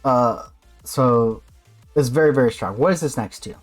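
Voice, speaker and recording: A man streaming live, reacting to a game and swinging into loud mock rants. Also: medium pitch, normal speed, soft background music.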